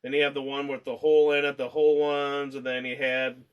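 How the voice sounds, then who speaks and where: A man's voice: medium pitch, level tone, brisk, clean tone, lo-fi sound. A man co-hosting a casual movie review chat, rambling, swearing freely and laughing as he talks.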